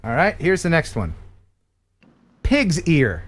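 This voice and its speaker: An American man hosts a live-stream quiz, laughing and chatting as he reads out words like a lively quizmaster. His voice is fairly high and his pace slow, with slight background noise.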